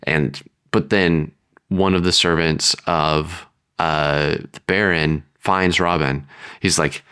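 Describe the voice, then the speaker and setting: A man's voice: a bass voice, fairly even intonation, pushed and bright, smooth. A man co-hosting a storytelling podcast, thinking aloud about a story and briefly acting out lines of its characters. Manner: thinks aloud, acts out characters in quick voices. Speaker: podcast co-host. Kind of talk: casual brainstorming chat.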